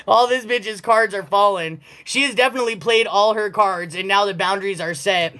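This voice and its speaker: A woman's voice: medium pitch, moderate pace, hardly any pauses, a bit bright. A woman giving a casual collective tarot reading, blunt and profane and often breaking into laughter. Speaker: tarot reader.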